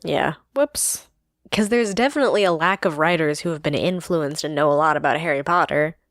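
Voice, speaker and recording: Low-voiced woman podcast co-host. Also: fairly quick, no room sound, clean studio sound. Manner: relaxed, agreeable, laughs easily. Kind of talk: casual chat.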